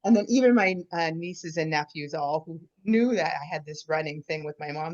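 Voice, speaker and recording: Low-voiced woman telling a story on a call. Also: darkish tone. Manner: halting, repeats words when starting. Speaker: newcomer in an online group. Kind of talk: casual storytelling. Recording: dull lo-fi call audio.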